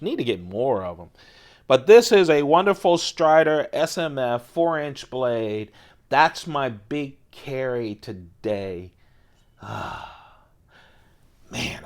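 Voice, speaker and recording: Slow-talking older man gushing over knives. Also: mid-range voice. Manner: slow, enthusiastic, drops to hushed murmurs over knives. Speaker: knife collector vlogger. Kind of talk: casual chat to camera.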